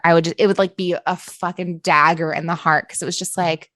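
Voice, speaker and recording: This woman hosting a podcast interview is from Appalachia and talks fast in a fairly low, level voice on a dry recording. She comes across as earnest and casual, using "like" a lot and swearing occasionally.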